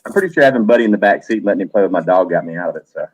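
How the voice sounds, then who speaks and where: Husky-voiced man hosting a chatty livestream. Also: low voice, expressive, rapid-fire, no echo, muffled recording. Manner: chatty, profane, greets viewers by name. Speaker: livestream host. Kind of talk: casual livestream chat.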